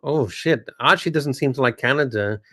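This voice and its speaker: A man's voice: mid-range voice, normal speed, fairly bright tone. A man co-hosting a livestream, bantering casually and reacting with swearing and exclamations. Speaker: livestream co-host.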